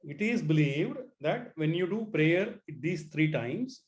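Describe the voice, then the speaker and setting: A man's voice: a little high, lively intonation, takes it slowly. A man, teaching an online class. He often repeats his words and asks the students to try the sounds themselves.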